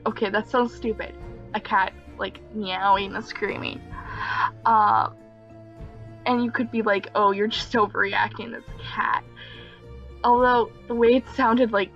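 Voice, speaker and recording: A woman's voice: medium pitch, muffled recording. A young woman casually telling a personal story, rambling with many fillers and small nervous laughs. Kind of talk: casual story time narration.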